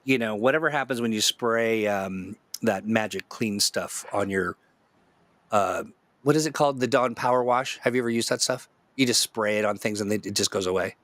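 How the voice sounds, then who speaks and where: A man's voice: medium pitch, a bit bright, no room sound. A man hosting a casual online chat, joking around, rambling through playful tangents and laughing often. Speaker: host.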